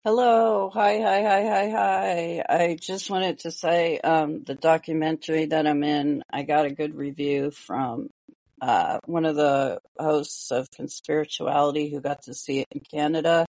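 A woman's voice: deep voice, steady tone, a little slow, gravelly, a little mellow, no echo. A woman on a comedy podcast chatting in a bubbly way, with lots of ums. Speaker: podcast co-host. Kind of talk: casual podcast chat.

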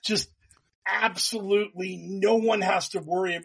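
A man's voice: on the high side, a little slow, a bit bright, husky. A man in casual political chat, sarcastic and mocking, swearing freely as a podcast co-host.

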